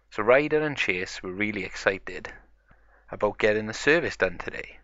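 A man's voice: on the low side, lively intonation, moderate pace, fairly bright tone, dry recording, dull audio. A man narrating a toy play story in a chatty, run-on way.

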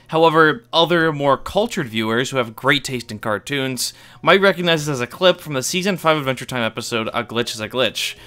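Bright, crisp-voiced man narrating wryly. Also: mid-range voice. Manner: wry, offhand, swears for comic effect. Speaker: YouTube iceberg explainer. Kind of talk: scripted video narration with casual asides.

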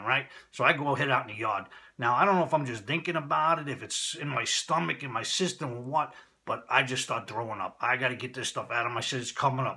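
A man's voice: high-pitched, animated, fast, sharp tone, slightly rough. A man with a Brooklyn accent telling a rambling, folksy story to camera in a vlog, repeating himself often. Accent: Brooklyn, New York. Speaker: vlogger.

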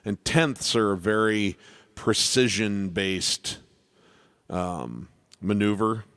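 Casting: relaxed male piano teacher, low smooth voice, rambling live Q&A. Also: takes it slowly, no room sound, clean studio sound. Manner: relaxed, rambling, self-deprecating with many restarts. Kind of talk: casual live Q&A lesson.

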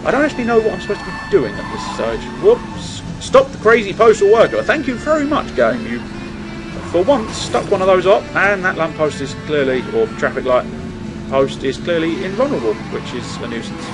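A man talks over his video game with a rather high voice that leaps all over the place. He keeps up a wry, sweary running commentary, with game music playing clearly behind him. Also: very animated, a little fast. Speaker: let's play host. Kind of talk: gameplay commentary. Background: game sounds and music.

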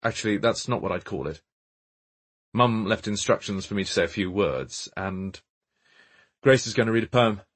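A man's voice: lowish voice, normal speed, long pauses, close to an everyday voice. A man voicing an irritable, successful male actor in an audiobook, curt and dismissive.

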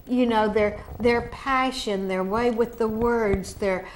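Casting: bright, higher-pitched female co-host, chatty and playful, over clear background noise. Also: fairly even intonation, slow, low-quality recording. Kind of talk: casual chat.

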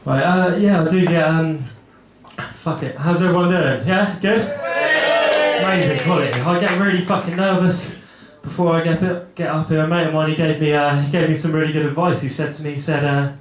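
A man's voice: a little high, steady tone, brisk, noisy background. A young man doing a stand-up set on a club stage, awkward and rambling, swearing freely and mocking himself. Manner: awkward, rambling, self-deprecating, swears a lot. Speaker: stand-up comedian. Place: comedy club stage with a live audience. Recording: echoey room with loud crowd laughter.

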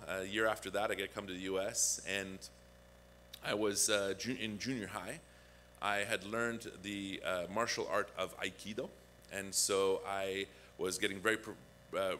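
A man's voice: fairly low pitch, slight background noise. A man preaching a conversational sermon as a guest pastor, telling a personal story. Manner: conversational, animated when acting out quotes. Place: church.

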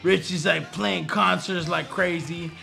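A man's voice: high voice, steady tone, a little slow, creaky, faint music behind. A man retelling a movie in a rambling, profane comedic style, acting out the characters. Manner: rambling, profane, acts out characters with loud outbursts.

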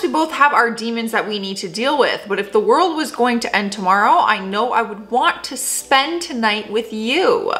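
Bright, lively, sassy woman reacting. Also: fairly high pitch. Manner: sassy, playful, laughs often. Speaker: host reading and reacting to text messages. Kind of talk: casual reaction commentary.

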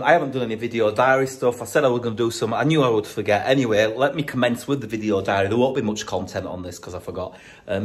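A middle-aged man hosting a TV show, rambling and joking through a casual video diary backstage in a studio dressing room, filmed on a handheld phone. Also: fairly low pitch. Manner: rambling, jokey, self-mocking. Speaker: TV show host.

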